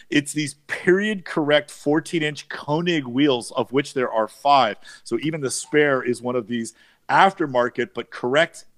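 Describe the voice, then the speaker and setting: A man hosting a casual car show, reading auction listings and tossing in quick agreements. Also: medium pitch, fairly bright tone, dry recording. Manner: upbeat, frequent quick agreements, reads listings.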